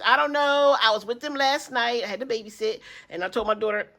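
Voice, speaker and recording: An older woman, a grandmother who vlogs about budgeting, talks fast in a mid-range, sharp-toned voice. Easygoing and chatty, she rambles casually to viewers, calling them y'all.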